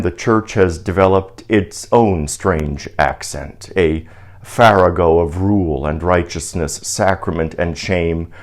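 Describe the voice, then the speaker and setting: A man from Canada speaks in a very low, deep and polished baritone. He delivers a scripted reflection as a clergyman, measured, articulate and a little wry.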